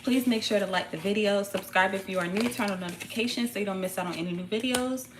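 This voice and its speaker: A woman's voice: mid-range voice, quick pace, noisy background. Blunt, slangy woman reading tarot. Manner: blunt, profane, animated, slangy. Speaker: tarot reader.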